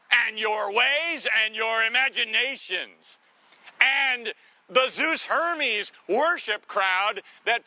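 Man, pastor, casual teasing sermon, quick asides, high-pitched, very bright voice. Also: no echo.

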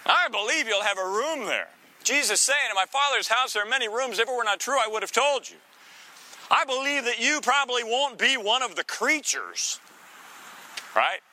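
Bright, high-voiced man preaching playfully. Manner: teasing, conversational preaching with quick asides. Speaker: pastor. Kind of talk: sermon.

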